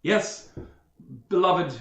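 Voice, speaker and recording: A man's voice: sits high, extremely slow, roomy sound, pitched above the performer's own voice. A man voicing a short, debonair young male noble who woos his betrothed with flowery, gallant speech.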